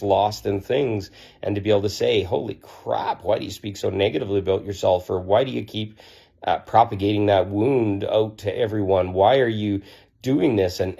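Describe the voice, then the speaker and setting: A man's voice: on the low side, vocal fry, mellow. A man speaking as a spiritual teacher in an earnest, blunt way, with frequent fillers and restarts. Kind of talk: casual spoken reflection.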